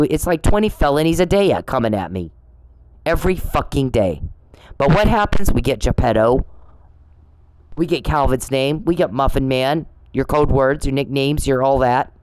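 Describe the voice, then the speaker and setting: A man's voice: medium pitch, a little mellow, no echo, rough recording. A man hosting a podcast, delivering an angry, profane, accusatory monologue full of repetition and restarts. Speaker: podcast host.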